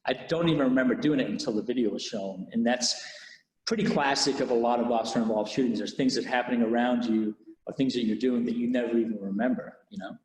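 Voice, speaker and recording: A police officer recounting a personal experience in an interview, candid and halting, with many restarts. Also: male voice, medium pitch, a little mellow. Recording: echoey room with long reverb.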